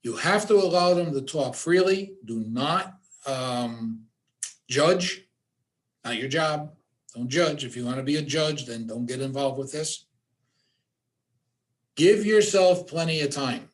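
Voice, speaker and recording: A man's voice: mid-range voice, expressive, slow pace. A man teaching a suicide awareness workshop, giving direct instructions and repeating his key points for emphasis. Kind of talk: workshop presentation.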